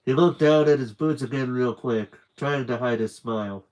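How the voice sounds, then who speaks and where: A man's voice: mid-range voice, normal speed, a little mellow. Man reading a children's book aloud. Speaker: reader.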